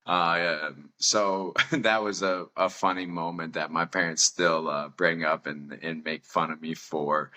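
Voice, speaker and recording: A young man with a deep voice that still has a bright, forceful edge tells a personal story. His manner is candid and self-mocking, and he laughs often. He sounds like a podcast host talking loosely, not reading from a script. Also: steady tone, a little slow, hardly any pauses.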